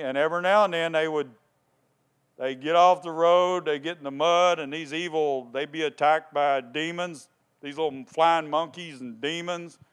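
A man's voice: fairly high pitch, clean tone. A man preaching a sermon, retelling a story and asking his listeners questions. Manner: storytelling, lively, asks the congregation questions. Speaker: pastor.

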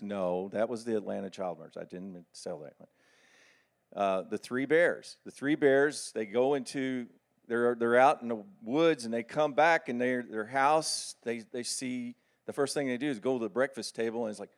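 A middle-aged man preaching a sermon with animated, folksy storytelling. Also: medium pitch, normal speed.

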